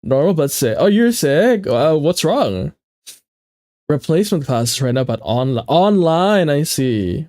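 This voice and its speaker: Lively, playful young male streamer. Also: on the high side, unhurried, no echo, studio quality. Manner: chatty and playful, greets chat, stumbles and repeats himself. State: stuffy nose. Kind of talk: casual livestream chat with viewers.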